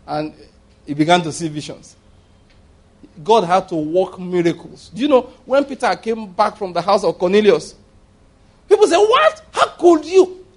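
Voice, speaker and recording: Animated preacher, high-pitched man. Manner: conversational and humorous, chuckling at his own jokes; animated, jumping up in pitch for emphasis. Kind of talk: sermon.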